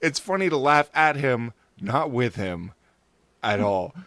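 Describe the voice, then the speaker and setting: A man's voice: medium pitch, lively intonation, takes it slowly, fairly bright tone, no room sound. A man hosting a podcast in crude, sarcastic casual comedy chat on a close mic. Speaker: podcast host.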